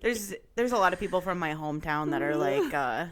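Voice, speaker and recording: A woman's voice: fairly low pitch, animated, a little fast. A woman in her thirties co-hosting a podcast, chatting casually with many fillers and frequent laughter. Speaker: podcast co-host. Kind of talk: casual chat.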